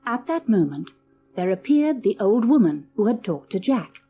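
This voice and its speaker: A woman's voice: mid-range voice, big pitch swings, moderate pace, warm tone, slightly rough. A woman narrating a children's storybook audiobook, reading expressively and dramatically.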